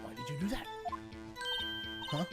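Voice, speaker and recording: A man's voice: measured pace, close to an everyday voice. A man reading the lines of an earnest young defense attorney in a courtroom game, questioning insistently. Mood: probing. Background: loud game music.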